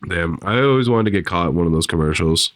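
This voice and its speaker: A man's voice: low-pitched, lively intonation, fast talker. A man co-hosting a podcast, chatting casually and acting out jokey bits in silly voices. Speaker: podcast co-host. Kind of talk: casual chat.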